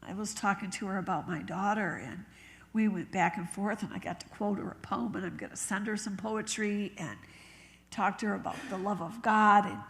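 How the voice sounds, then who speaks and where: A woman's voice: mid-range voice, steady tone, creaky, a bit bright. Woman preaching in a reverberant church. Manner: conversational storytelling, drops to whispers and acts out quotes; laughs easily, talks slowly. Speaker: bishop preaching. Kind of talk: sermon. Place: church sanctuary. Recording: long reverb of a church hall.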